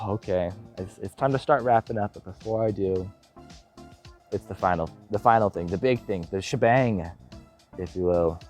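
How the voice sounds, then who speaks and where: A young man in missionary training giving a casual vlog update, telling stories in an animated, self-deprecating way and acting out what people said. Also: fairly low pitch, moderate pace, faint music behind. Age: young adult. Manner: animated storyteller, self-deprecating, acts out quotes.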